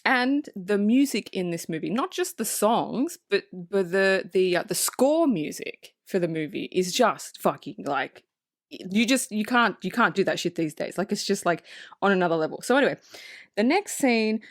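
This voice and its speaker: A woman co-hosting a podcast in a casual movie review chat, excited and swearing freely as she acts out quotes. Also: medium pitch, normal speed, dry recording, studio quality. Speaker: podcast co-host. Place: podcast recording space.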